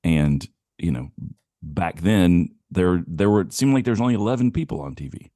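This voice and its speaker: A man's voice: sits low, normal speed, gravelly, dark tone, no echo, studio quality. A man co-hosting a podcast in casual chat, rambling loosely, laughing easily and swearing now and then. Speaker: podcast co-host.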